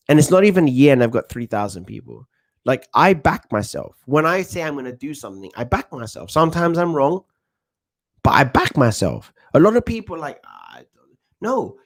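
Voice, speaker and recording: A man in his thirties with a London accent, giving chatty, self-assured commentary on a football watchalong stream and reading chat. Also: fairly high pitch. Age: 30s. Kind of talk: casual live-stream commentary.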